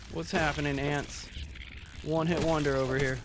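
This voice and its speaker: A man's voice: a little high, fairly even intonation, normal speed, background noise. A young adult man from Southern California chatting casually with viewers while playing a game, rambling with lots of fillers and restarts. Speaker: streamer. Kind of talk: casual gameplay chat with live viewers.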